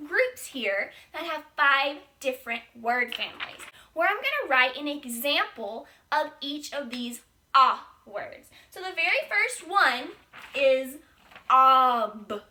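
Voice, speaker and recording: A woman's voice: sits high, pushed and bright. A young woman teaching an early-grade phonics lesson, speaking to young children in a sing-song, exaggerated teacher voice.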